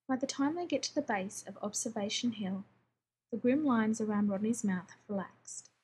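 A woman reading a story aloud as scripted narration, in a steady, even storytelling manner. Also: medium pitch, moderate pace, a little hiss or hum. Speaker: story reader.

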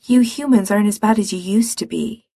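A woman voicing a gentle, wistful male spirit who speaks in a hushed whisper. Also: mid-range voice, a little fast, breathy edge, no room sound, studio quality.

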